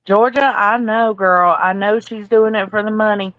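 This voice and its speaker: A woman's voice: medium pitch, fairly even intonation, moderate pace, no room sound, phone-quality sound. A woman co-hosting a casual stream, blunt, laughing and swearing freely over a video call. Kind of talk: casual chat.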